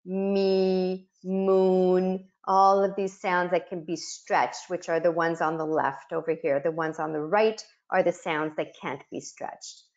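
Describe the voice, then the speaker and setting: A woman's voice: lowish voice, steady tone, slow pace, hardly any pauses, darkish tone, dull audio. A middle-aged woman giving an instructional webinar, explaining and sounding out speech sounds for educators. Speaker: webinar facilitator.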